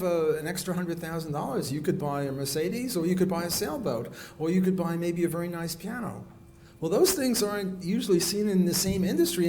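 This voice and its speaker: Soft-voiced male lecturer, halting delivery. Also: high voice. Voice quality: weak, soft voice. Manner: halting, often restarts and rephrases mid-sentence; walks around the room while talking. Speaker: economics lecturer. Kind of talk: classroom lecture. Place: lecture room. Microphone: recorder clipped on, kept in pocket.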